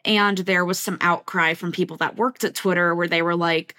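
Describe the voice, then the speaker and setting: A woman reporter on a podcast, chatting casually in a quick, sarcastic way with lots of "like". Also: on the low side, fairly even intonation, sharp tone. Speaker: reporter guest. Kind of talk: casual chat.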